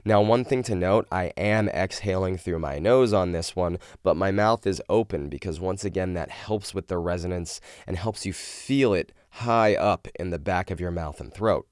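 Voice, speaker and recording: A man's voice: deep voice, normal speed, few pauses, a little mellow, clean tone, no room sound, studio quality. A young man teaching vocal technique, explaining and demonstrating exercises in an instructional video. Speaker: vocal coach.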